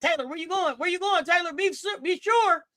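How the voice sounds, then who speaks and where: Woman host for a sports watch-along stream, high-pitched, loud and slangy as she cheers on the players. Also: a little fast. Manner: hyped, slangy, shouts at players. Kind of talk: live game watch-along commentary.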